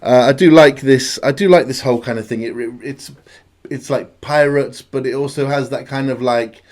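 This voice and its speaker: A man's voice: mid-range voice, normal speed, a little mellow. Chatty British man hosting reactions. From United Kingdom. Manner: upbeat and chatty, hums tunes aloud. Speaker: reaction channel host. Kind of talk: casual chat.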